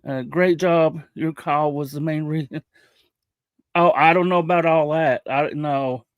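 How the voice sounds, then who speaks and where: A relaxed man talking to his viewers on a stream, his voice a little high. He trails off and restarts often. The sound is dry and close. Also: smooth, no room sound, phone-quality sound. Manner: loose, halting, chatting with viewers. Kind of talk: casual livestream chat.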